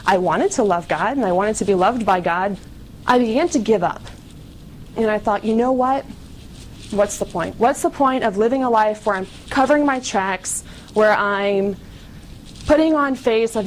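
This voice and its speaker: A young woman speaking at a conference, telling her personal testimony in an earnest, confessional way, with fast bursts and frequent "like". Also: a little high, low-quality recording. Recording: faint background noise, live event.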